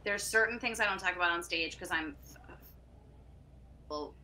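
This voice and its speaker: A woman comedian talking casually, rambling and cutting herself off with quick laughs. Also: on the low side, sharp tone, a little hiss or hum. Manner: rambling, self-interrupting, laughing asides. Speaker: comedian guest. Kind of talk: casual podcast chat.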